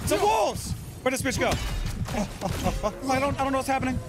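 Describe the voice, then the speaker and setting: A man playing a video game, cursing and yelling at the screen in frustrated live commentary. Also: very high-pitched, fairly quick, over loud music. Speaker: gaming channel host. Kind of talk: profane live gameplay commentary. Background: loud game soundtrack.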